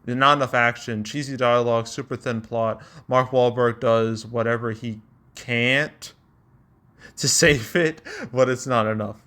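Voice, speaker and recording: Young man, casual host, mid-pitched voice, rambling, chuckles, filler words. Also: steady tone, a little slow, bright, forceful tone. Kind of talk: casual commentary reading reviews.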